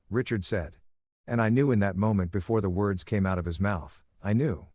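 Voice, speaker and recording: Calm, low-voiced male story narrator. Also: moderate pace, no room sound, clean studio sound. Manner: calm, soothing reading. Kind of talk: first-person story narration.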